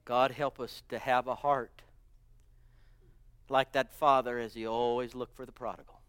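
A man's voice: medium pitch, flat delivery, measured pace, fairly bright tone, smooth, no room sound. A man preaching a sermon with fervor, often breaking into "oh" and "hallelujah". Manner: fervent, exclaiming "oh" and "hallelujah".

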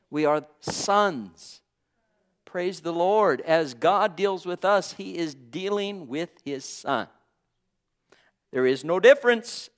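A man delivers a fervent sermon in a rhythmic, repetitive cadence, scattering praise through his lines. His high, clear, resonant voice swings from loud declarations down to near-whispers.

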